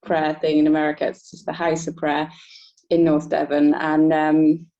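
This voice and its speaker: A woman guest telling a personal story in a relaxed interview, often laughing lightly between thoughts. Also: deep voice, moderate pace. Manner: reflective, laughs between thoughts, many restarts. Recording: dull lo-fi sound.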